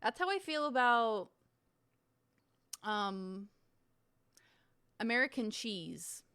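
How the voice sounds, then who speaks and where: A woman's voice: a little high, lively intonation, takes it slowly, pushed and bright, smooth, no echo. A young woman streamer in casual chat, reading viewer messages aloud and reacting in a chatty, giggly way.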